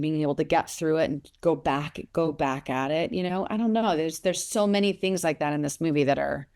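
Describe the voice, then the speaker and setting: A woman in her forties speaks in an interview, with a somewhat low voice. She rambles through stories, restarts her sentences and grows animated as she goes. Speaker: actress being interviewed. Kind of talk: casual interview talk.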